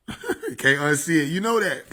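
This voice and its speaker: A man's voice: fairly high pitch, bright, forceful tone. A man casually chatting on a livestream into a desk microphone, joking, swearing and laughing often. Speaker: streamer.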